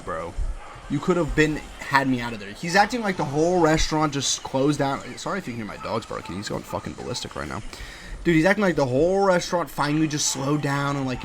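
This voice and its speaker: A young man ranting at home about his restaurant job while playing a game, animated, profane and full of slang. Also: medium pitch, slight background noise. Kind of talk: casual rant over gameplay.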